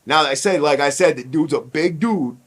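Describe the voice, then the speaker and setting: A podcast host telling a personal story in casual, blunt, profane street talk. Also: male voice, a little high, normal speed, fairly bright tone.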